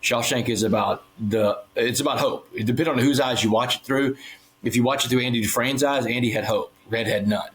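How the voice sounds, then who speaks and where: A man's voice: mid-range voice, brisk, a bit bright, rough recording. A man as a podcast guest, earnestly telling a personal story and acting out the dialogue in it. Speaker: guest speaker. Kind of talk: storytelling interview.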